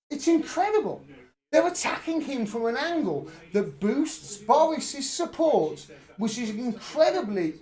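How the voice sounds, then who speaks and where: A man's voice: very high-pitched, a little mellow. A man doing live political commentary in an angry, profane, emphatic rant.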